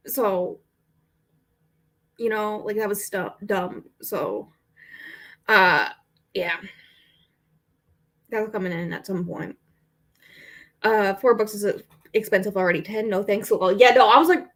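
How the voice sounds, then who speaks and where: A woman's voice: mid-range voice, moderate pace, pauses often. A young adult woman book vlogger rambling in casual chat, with lots of fillers. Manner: rambling and chatty, with frequent fillers and laughs.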